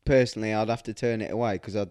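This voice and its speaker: A man's voice: fairly low pitch, steady tone, racing, darkish tone, smooth, dry recording, studio quality. A man, a tattoo artist co-hosting a casual podcast, teasing his partner and laughing often. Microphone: podcast microphone.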